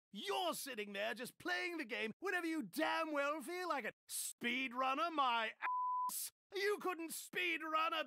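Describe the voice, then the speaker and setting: A fed-up British game narrator. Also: male voice, extremely high pitch, bright, forceful tone, dry recording, clean studio sound, exaggerated voice. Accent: put-on British. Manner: ranting, exasperated, sarcastic. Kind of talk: video game voice acting. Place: recording studio.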